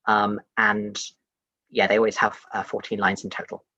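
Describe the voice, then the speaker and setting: Husky-voiced man giving a casual talk. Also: on the low side, monotone, moderate pace, sharp tone, no echo, muffled recording. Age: young adult. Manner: chatty and conversational, many fillers like "um" and "like". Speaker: science talk speaker. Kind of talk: casual lecture to an audience.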